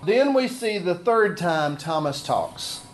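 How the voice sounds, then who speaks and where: A man's voice: sits high, animated, slow pace, a little hiss or hum. A man preaching a conversational sermon, acting out the scripture voices he quotes. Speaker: pastor.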